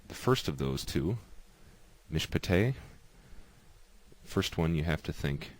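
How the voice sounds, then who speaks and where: A man giving a patient, explanatory lesson, slowly repeating each example word. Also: very deep voice, animated. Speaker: teacher.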